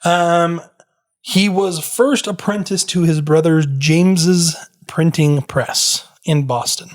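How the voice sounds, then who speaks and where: A man hosts a relaxed history podcast, talking things through in a loose, rambling way. His voice sits a little high, and he fills his explanations with "um" and "like" as he goes. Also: takes it slowly. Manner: chatty, explains history with many fillers. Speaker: podcast host. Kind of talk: casual podcast chat.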